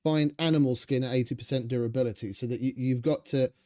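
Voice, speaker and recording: A man's voice: mid-range voice, steady tone, fast, mellow. A young man giving rambling, sarcastic, swearing commentary over his gameplay. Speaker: gaming channel host.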